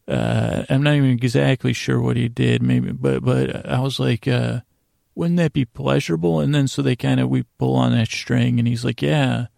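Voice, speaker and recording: Flat gravelly man rambling softly. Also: mid-range voice, moderate pace, few pauses, no room sound, studio quality. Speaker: podcast host. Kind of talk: casual rambling recap for sleep.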